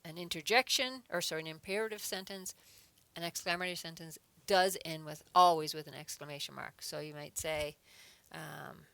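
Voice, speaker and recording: Lady teacher going over grammar slowly, kinda gravelly lowish voice. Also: fairly bright tone, dry recording. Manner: patient, explains step by step, reads example sentences aloud with emphasis. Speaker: adult education teacher. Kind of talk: online grammar lesson.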